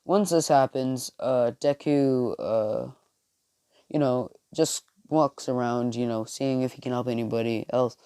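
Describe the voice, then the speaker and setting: A man's voice: medium pitch, a little slow, dark tone, clear, resonant tone, no room sound, clean studio sound. A young man narrating an improvised fan story in a casual, rambling way, full of fillers and restarts.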